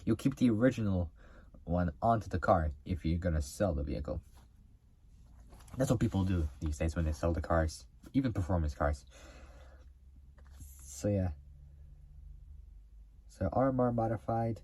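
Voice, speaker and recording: A man's voice: low-pitched, animated, normal speed, pauses often, warm tone, a little hiss or hum. A man hosting a car video, talking casually to camera in a rambling way, full of fillers and restarts.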